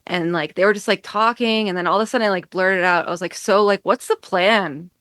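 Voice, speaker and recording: A woman's voice: fairly low pitch, fairly even intonation, quick pace, a bit bright, smooth, no room sound. A woman musician, a guest in a casual podcast chat, talking in a rambling way and filling her sentences with "like". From United States. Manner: rambling, heavy use of "like". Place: home in upstate New York.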